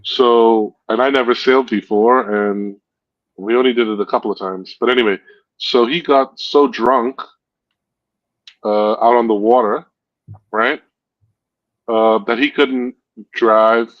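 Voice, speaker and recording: This man speaks in a mid-range voice with fairly even intonation, at a measured pace and with frequent pauses. Hosting a stream, he tells long, meandering stories in casual chat, fixing his own wording and chuckling at his own jokes. The audio is dry, dull and lo-fi.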